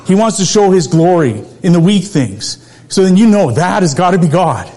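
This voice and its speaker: A man in middle age delivers a sermon through a personal story. His voice sits a little higher than usual for a man. He talks conversationally and laughs often between phrases. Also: big pitch swings, normal speed, dark tone. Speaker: preacher.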